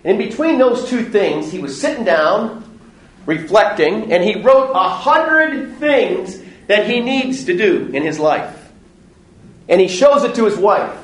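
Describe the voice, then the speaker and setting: A man giving a parish Bible study talk, animated and joking, acting out little voices in his stories. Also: high-pitched, measured pace, echoey room. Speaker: parish teacher. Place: parish hall or church.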